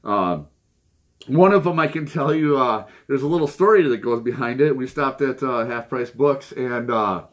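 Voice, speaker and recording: A man hosting a vinyl record channel, telling mock news jokes and chatting about his finds, laughing at his own gags. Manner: goofy, laughs at his own jokes, lively pitch swings. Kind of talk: casual joking news segment and haul chat.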